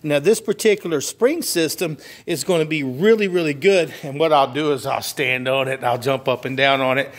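A man's voice: on the high side, normal speed, hardly any pauses. Chatty man teaching furniture sales. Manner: conversational, repeats phrases, plays out customer exchanges. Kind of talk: instructional talk with acted sales dialogue.

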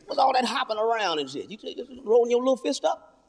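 A man's voice: very high voice, big pitch swings, brisk, voice pushed up, exaggerated voice. A man putting on his stubborn, mocking old grandfather in a stand-up bit. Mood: taunting. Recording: live hall with audience noise.

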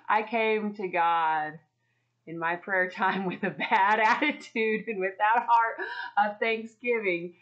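Woman, middle-aged, earnest testimony storyteller, mid-pitched voice, dull lo-fi sound. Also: slow, a bit bright. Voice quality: earnest, laughs often while telling stories. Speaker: Christian singer and minister. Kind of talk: personal faith testimony.

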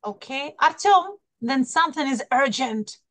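Leading an online English lesson by video call, a woman speaks at a measured pace in a high, slightly bright voice with lively intonation and no echo. She encourages students, names them individually, and repeats key words.

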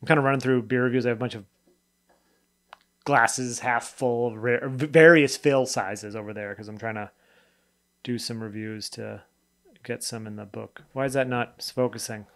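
A man's voice: mid-range voice, steady tone, moderate pace, a bit bright. Chatty, rambling man reviewing beer. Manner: rambling and chatty, often trailing off and correcting himself; loose, spontaneous tasting commentary. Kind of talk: casual beer review vlog.

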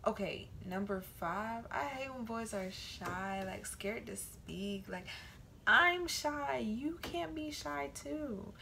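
A young woman vlogging casually to her camera, telling animated stories and acting out the voices of the people in them. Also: a little high, vocal fry, a little hiss or hum. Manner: animated storytelling, quoting voices.

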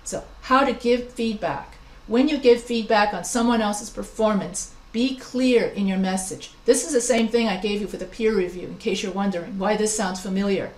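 A woman's voice: medium pitch, moderate pace, few pauses, darkish tone, reverberant, low-quality recording. A woman teaching a business communication class, talking in a chatty, anecdotal way with many restarts and asides. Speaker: instructor. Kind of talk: recorded class lecture.

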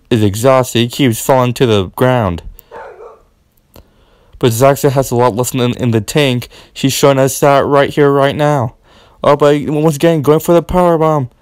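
A young man giving excited play-by-play commentary on a wrestling match, repeating his exclamations and swinging between hushed and loud. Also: medium pitch, normal speed, clean tone, dry recording.

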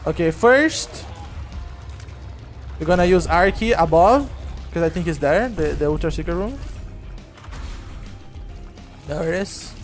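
High-voiced man streaming a game. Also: animated, normal speed, faint music behind. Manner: rambling, laughing, loud sudden outbursts. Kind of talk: casual gameplay livestream chat.

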